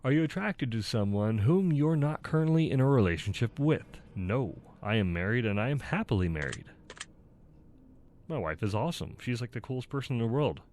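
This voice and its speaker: A YouTuber speaks a little fast in an expressive, mid-range, darkish voice as he reads online personality test questions aloud and answers them honestly, rambling and frequently laughing at himself. It's a casual self-recording with slight background noise.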